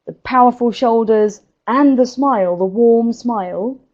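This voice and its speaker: An energetic woman speaker, giving presentation tips in a live webinar and laughing often. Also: a little high, a little slow, dull audio.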